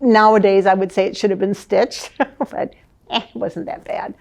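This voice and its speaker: An older woman recalls old times with lively storytelling, breaking into laughter as she sets the scene. Her voice sits in an ordinary middle range for a woman, and she talks as a guest looking back on her working years. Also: medium pitch, normal speed, gravelly. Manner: lively, laughs often, vivid scene-setting. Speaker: former advertising manager, guest. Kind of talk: reminiscing storytelling in conversation.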